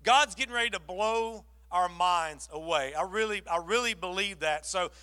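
Male pastor, high bright voice, animated storyteller in the pulpit. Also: normal speed. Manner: animated storytelling, acts out both sides of the talk. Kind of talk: sermon with a story.

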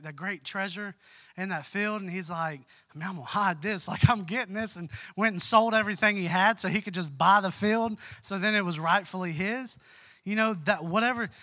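A man's voice: high voice, pushed and bright, no room sound. A young man giving a conversational sermon as pastor in a church, folksy and full of asides. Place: church sanctuary.

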